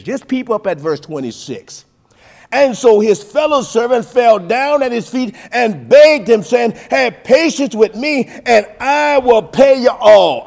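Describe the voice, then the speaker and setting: High-pitched guy preaching, sing-songy, goes from quiet to loud, keeps saying folks. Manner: preaching cadence with sing-song rises and big swings in loudness; keeps addressing listeners as folks. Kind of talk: sermon.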